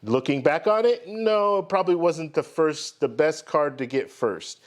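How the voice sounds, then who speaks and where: A man's voice: on the high side, lively intonation, moderate pace. Chatty man hosting a live stream. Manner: friendly, greets viewers by name one after another; rambling, restarts sentences often. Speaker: host of a live stream credit card show. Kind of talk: casual live stream chat.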